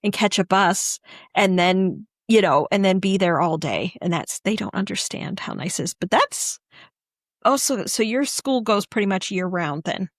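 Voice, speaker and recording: A woman's voice: medium pitch, expressive, normal speed, no echo, studio quality. Chatty American woman podcast host. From United States. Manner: chatty, rambling, apologetic questions. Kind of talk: casual interview chat.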